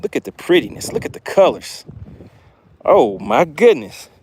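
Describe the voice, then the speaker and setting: An excitable man hosts a live fishing stream from a boat out on a windy lake. He talks straight to his viewers, repeating his phrases with eager energy. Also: mid-range voice, normal speed.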